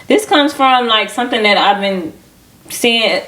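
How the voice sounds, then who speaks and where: A woman co-hosting a podcast, telling stories in a lively casual way and acting out what people said. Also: on the high side, a little slow. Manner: animated storytelling, acting out quoted people. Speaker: podcast co-host. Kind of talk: casual chat.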